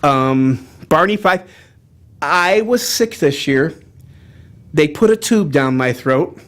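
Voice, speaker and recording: A chatty, self-deprecating man whose voice is worn after an illness. He sits a little high, and his pitch moves around a lot as he talks. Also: expressive, slow. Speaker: voice impressionist. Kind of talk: casual chat between impressions.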